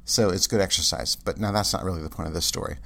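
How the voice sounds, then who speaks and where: Guy with a really low voice rambling on, lots of ums, kinda fed up. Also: quick pace, creaky, pushed and bright. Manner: rambling, with many fillers and restarts; exasperated ranting. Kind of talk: casual monologue.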